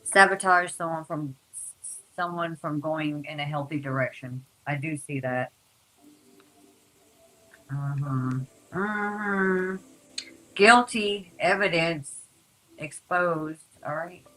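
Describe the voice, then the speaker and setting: A woman's voice: low voice, slow pace, pauses often, bright, forceful tone, low-quality recording. A woman giving a casual, chatty tarot reading to her viewers, talking informally and repeating herself. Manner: chatty, informal, repeats words, uses "y'all". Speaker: tarot reader.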